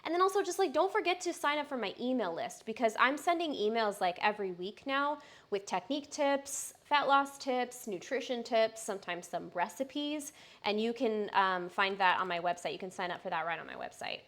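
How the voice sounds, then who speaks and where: Young woman, personal trainer, live-stream host; upbeat, chatty, slightly high, with a bright, forceful tone. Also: lively intonation, brisk. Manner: chatty and upbeat, frequent fillers. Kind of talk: casual live-stream chat.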